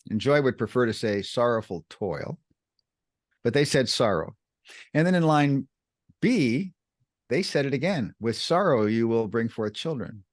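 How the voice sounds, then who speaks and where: An emphatic man co-hosting a podcast, explaining texts with a lot of repetition. His voice leaps up when he stresses a point. The recording is dry and close. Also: no echo. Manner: emphatic, repeats words, pitch jumps for emphasis. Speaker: podcast co-host teaching scripture. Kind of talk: animated explanatory teaching chat.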